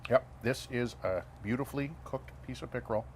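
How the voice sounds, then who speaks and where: A man's voice: medium pitch, brisk, a little hiss or hum. A man hosting a food show, chatting casually and enthusiastically on location, joking and praising the food. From Timmins, Ontario, Canada. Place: outdoors at a food truck.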